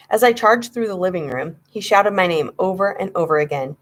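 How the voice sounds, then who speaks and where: A woman's voice: lowish voice, lively intonation, fairly quick. A woman narrating a children's horror story, reading with dramatic suspense. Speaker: audiobook reader.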